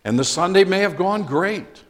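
A middle-aged man preaching a sermon as pastor, slow and emphatic, bursting into loud quotations now and then. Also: sits high, animated, long reverb tail.

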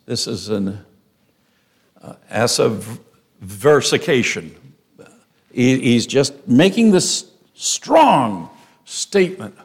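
A man's voice: fairly high pitch, creaky. A man preaching an expository sermon, emphatic, repeating phrases for stress.

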